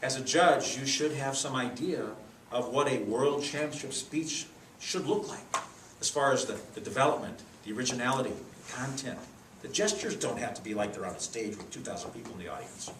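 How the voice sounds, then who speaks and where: A man leading a speech contest judges' training, teaching in a lively, demonstrative way with acted examples in a club meeting room. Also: mid-range voice, moderate pace, background noise. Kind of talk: workshop lesson. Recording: echoey room, mic far off.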